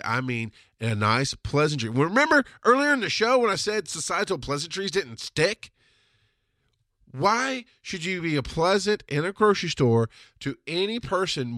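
A man's voice: fairly high pitch, sharp tone, no room sound, clean studio sound. A man in his thirties hosting a podcast, telling personal stories in a blunt, profane, emphatic way. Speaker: podcast host. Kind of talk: casual storytelling monologue.

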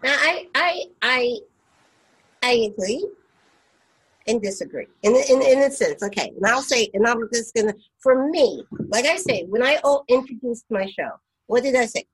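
A woman's voice: fairly high pitch, slightly rough, poor audio. A woman hosting a spiritual radio talk show, speaking heartfelt and emphatic, with frequent stumbles and restarts.

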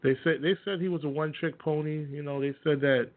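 A man's voice: fairly high pitch, fairly even intonation, a little fast. A man hosting his own radio show, ranting casually and bluntly about sports with plenty of profanity and scornful laughs. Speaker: host. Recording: tinny phone-like audio.

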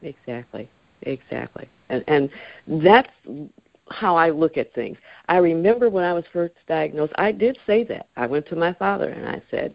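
Gravelly-voiced woman in her sixties, reflective. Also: sits low, normal speed, no echo. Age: 60s. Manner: calm, reflective, earnest. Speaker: guest. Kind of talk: radio interview. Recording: dry, dull lo-fi radio sound.

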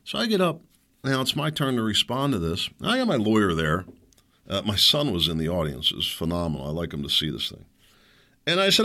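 Man, middle-aged, show host, ranting monologue, indignant, low voice, very lively pitch. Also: brisk, vocal fry. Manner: heated, indignant, mocks others in put-on voices.

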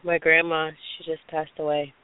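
A woman's voice: low-pitched, flat delivery, normal speed, clean tone, no room sound. A woman calling in to a radio show, hesitant and polite. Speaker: caller. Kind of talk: call-in chat. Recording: tinny phone line, dry.

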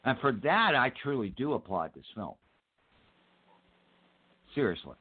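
A man co-hosting a casual movie commentary, earnest and measured, filling his pauses with ums as he makes his points. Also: mid-range voice, big pitch swings, breathy edge. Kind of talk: casual chat over a movie. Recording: tinny phone-like sound.

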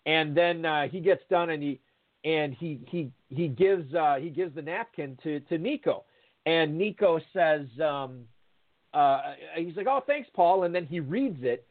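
A man with a fairly high voice tells a winding anecdote, stopping and restarting often and putting on the voices of the people in it. He comes through a narrow, tinny phone-like line. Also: unhurried. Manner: rambling, animated storytelling with many fillers and restarts. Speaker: guest storyteller. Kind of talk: casual anecdote telling.

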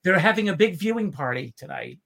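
Southern male host, halting and full of fillers, chatting over a video call. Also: high voice, huge pitch swings, creaky, fairly bright tone. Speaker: show host. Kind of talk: casual chat.

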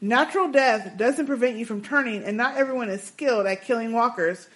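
A woman co-hosting a casual podcast, reading listener emails with sassy, animated asides. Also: on the high side, a little fast. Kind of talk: casual chat.

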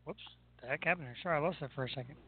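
A man hosting a casual chat about music, goofy and quick to break into silly imitations. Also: fairly high pitch, slight background noise. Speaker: podcast host. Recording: tinny phone-line sound.

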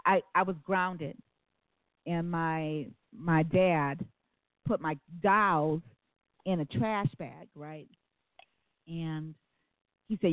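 A woman's voice: fairly low pitch, measured pace, dry recording. A woman hosting a call-in radio talk show, telling stories in an earnest, rambling way. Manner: earnest storytelling, rambling asides. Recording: phone-like, dry sound.

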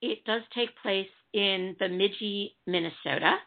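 A woman's voice: mid-range voice, unhurried. A woman from the Chicago area chatting casually as a TV review panelist, rambling with frequent restarts. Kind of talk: casual chat. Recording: tinny phone-like line.

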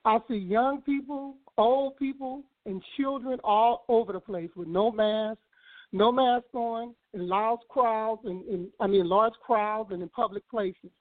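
A woman calling in to a radio show, speaking in an earnest, measured way with some fillers. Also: a little high, steady tone. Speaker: caller, host's aunt. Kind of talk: call-in radio opinion. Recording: tinny phone line.

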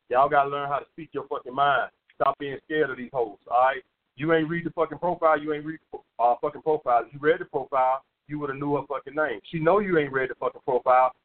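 A man hosting a call-in dating advice show, lecturing bluntly with lots of profanity and repetition. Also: mid-range voice. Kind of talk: call-in radio advice talk. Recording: phone-like lo-fi radio sound.

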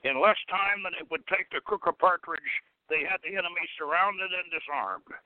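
A man's voice: high-pitched, normal speed, no room sound. Man narrating a story over tinny radio. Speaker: radio host reading a story. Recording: dry, tinny phone-like radio sound.

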